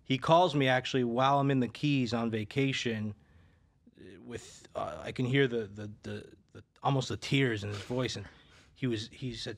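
A man of middle pitch talks casually as a betting advisor. He tells his stories loosely, starting over and filling gaps with little sounds. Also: steady tone, normal speed. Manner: storytelling, many restarts and fillers. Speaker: sports betting handicapper. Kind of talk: casual podcast chat.

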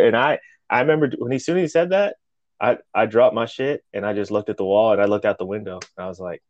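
Low-voiced man telling a rowdy story. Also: fast talker, no echo, lo-fi sound. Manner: animated, profane, acts out quotes. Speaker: podcast co-host. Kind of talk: casual storytelling chat.

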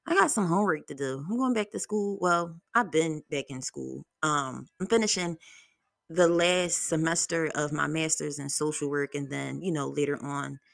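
A young woman hosts a solo podcast, telling stories in a blunt, profane, lively style at a normal speed. Her fairly low voice carries a gravelly fry, and the recording is dry and close-miked with no room echo.

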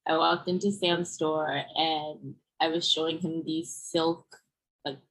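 Chatty low-voiced woman designer. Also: steady tone, slow, fairly bright tone, husky, poor audio. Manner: chatty, with many fillers like "like" and "you know". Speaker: fashion designer guest. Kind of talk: casual storytelling in a podcast interview.

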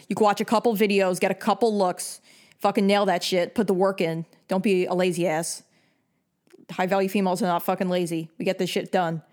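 A young woman from New York giving blunt, bossy advice in a casual rant full of swearing. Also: mid-range voice. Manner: blunt and heavily profane; bossy, lecturing.

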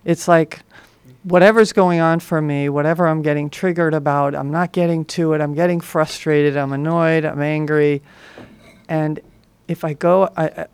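A woman's voice: sits low, a little mellow, clean tone, no room sound. A woman co-hosting a community radio talk show in a reflective, casual way, with light laughter. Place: radio studio.

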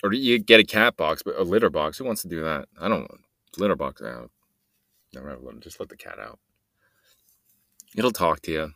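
A man's voice: very deep voice, animated, brisk, vocal fry, long pauses, pushed and bright, no echo, clean studio sound. A man hosting a solo podcast, rambling and joking in a meandering way and trailing off mid-sentence. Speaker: podcast host.

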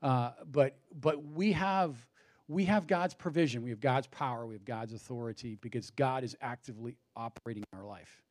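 A man's voice: mid-range voice, fairly quick. Preaching man building emphasis. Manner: rhetorical questions with swelling emphasis; out of breath at times. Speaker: pastor. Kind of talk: sermon.

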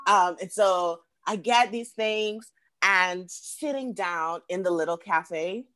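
Woman telling a lively story. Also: on the low side, slow pace. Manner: lively, acts out quoted voices, repeats words. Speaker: guest. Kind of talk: casual storytelling chat.

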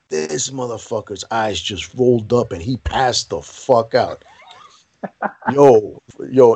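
A man with a slightly husky voice talks in relaxed, profane conversation. He tells stories about service life with lots of bro and man, sometimes bursting into loud shouted quotes. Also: medium pitch. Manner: profane, animated storyteller, says bro and man a lot. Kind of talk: casual chat, storytelling.

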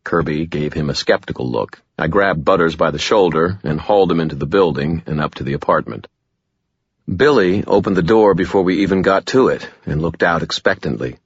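A man narrating a first-person audiobook in a wry, deadpan way. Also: sits low, fairly quick, husky, no echo, highs cut off.

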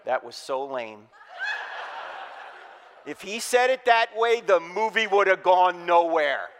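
Male church speaker from New Jersey, lively, quizzes the crowd, higher voice, reverberant hall. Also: takes it slowly, slight background noise. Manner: energetic, joking, quizzes the audience. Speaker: Christian speaker. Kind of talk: humorous apologetics sermon.

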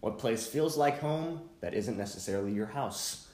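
A young man co-hosting a relaxed podcast, with short reactions and laid-back plugs at the end. His pitch is middling for a man. The room has a clear echo. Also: moderate pace. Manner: brief, easygoing reactions. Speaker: podcast co-host. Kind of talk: casual chat. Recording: roomy echo.

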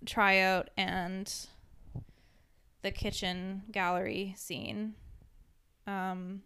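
A woman's voice: mid-range voice, flat delivery, drawn-out words, pushed and bright, clear, resonant tone. A woman guest on a podcast, chatting casually and animatedly about a TV episode. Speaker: guest, host's sister. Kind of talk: casual chat.

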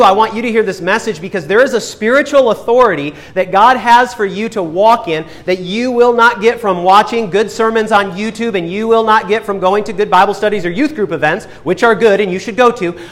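A young man preaching from the pulpit with a fairly high voice. He shifts from soft, slow emphasis to quick, lively asides and briefly acts out voices in his stories. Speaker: pastor. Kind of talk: sermon.

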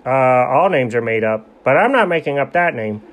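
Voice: mid-range voice, animated, moderate pace, close to an everyday voice. A performer voicing a boastful male cartoon dog who rambles through tall tales with dry sarcasm. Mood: storytelling. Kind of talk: comedic cartoon voice acting.

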